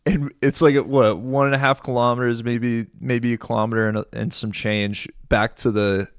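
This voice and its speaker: Male veteran, mid-pitched, lively slangy raconteur, dry close recording. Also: normal speed, few pauses, clear, resonant tone, no echo. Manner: animated storyteller, slang like "dude", laughs a lot. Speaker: military veteran telling war stories. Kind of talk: casual podcast storytelling.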